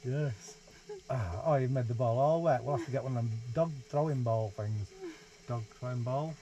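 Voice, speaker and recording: A young man in a small holiday caravan reads aloud to his baby from a picture book in sing-song baby talk. His voice is medium-pitched and dark at a normal speed. A 360 VR camera nearby captures the dull-sounding audio.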